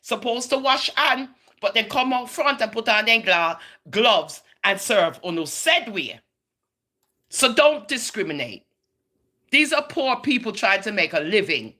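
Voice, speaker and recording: A woman's voice: on the high side, sing-song, a little slow, pushed and bright. A middle-aged woman with a Jamaican accent in a casual monologue rant, emphatic and preachy, drifting between Patois and English. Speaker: vlogger.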